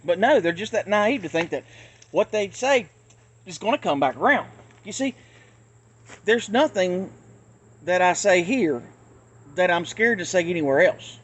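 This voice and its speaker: Blunt male vlogger, ranting, slightly high voice, self-filmed on a phone. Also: lively intonation, measured pace, pauses often, highs cut off. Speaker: channel host. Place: outdoors near traffic. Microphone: handheld phone.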